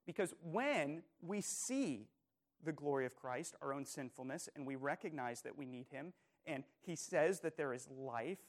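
A man preaching a sermon as pastor, earnest and emphatic, asking his listeners repeated questions and dropping to quiet, soft phrases. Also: on the high side, expressive, unhurried.

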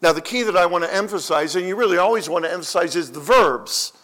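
A man's voice: high voice, expressive, quick pace, a bit bright. A man preaching a sermon as pastor, emphatic and repeating key phrases for weight.

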